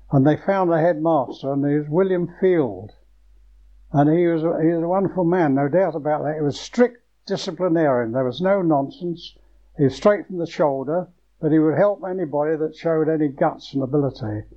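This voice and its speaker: An older man from Croydon, speaking in a fairly high voice, recalls his schooldays in a halting manner, often stopping to restart a phrase. The recording sounds dull and lo-fi. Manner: halting, with many restarts and fillers. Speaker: former pupil. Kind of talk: oral history reminiscence.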